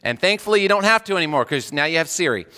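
A man in his thirties, a hospice chaplain, preaching a conversational sermon full of rhetorical questions, going soft and quiet for the prayers. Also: a little high, expressive, rapid-fire, clear, resonant tone. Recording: long reverb of a hall.

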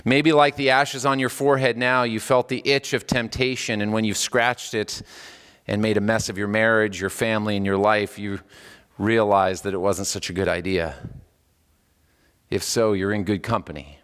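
A male pastor preaching a sermon in a church. He swings between raised, emphatic lines and low, solemn ones, with casual asides between scripture readings. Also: normal speed, clean tone, long reverb tail. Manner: animated preaching with wide swings in pitch and loudness, dropping low on solemn words. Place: church sanctuary.

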